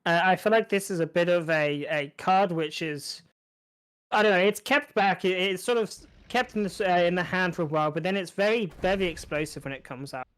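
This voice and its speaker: Higher-voiced man casting a card game. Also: a little fast, fairly bright tone, clean tone. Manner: analytical, frequent small restarts. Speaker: esports caster. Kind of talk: play-by-play commentary.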